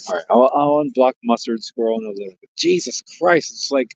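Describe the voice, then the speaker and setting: A man's voice: medium pitch, fairly quick, gravelly, no room sound, highs cut off. A man hosting a livestream, chatting casually and joking as he rambles and reads out viewer comments. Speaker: livestream host.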